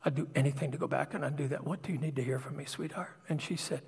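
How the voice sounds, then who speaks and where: A middle-aged man preaches a sermon with a slightly high, husky voice. He tells personal stories in a confessional way, dropping to a hush and then rising loud. His voice rings with long reverb in a large hall. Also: fairly even intonation, fast, hardly any pauses. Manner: emotional, confessional storytelling with swings from hushed to loud.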